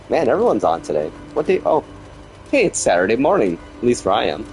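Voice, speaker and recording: A man's voice: medium pitch, wildly swooping pitch, fairly quick, a little mellow, soft background music, low-quality recording. A man chatting casually as he streams gameplay, rambling and grumbling about the game's quirks while he talks to viewers. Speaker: gaming streamer.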